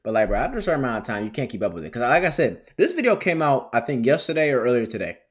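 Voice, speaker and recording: A man's voice: mid-range voice, very animated, rapid-fire. A man co-hosting a casual reaction chat, swearing freely and calling the other host "bro". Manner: swears a lot, stunned disbelief, "bro" often.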